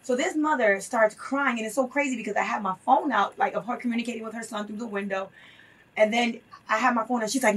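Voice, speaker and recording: A woman's voice: a little high, quick pace, fairly bright tone, husky, recorded from a distance. A woman guest telling a story in an interview, earnest and impassioned, repeating phrases for emphasis.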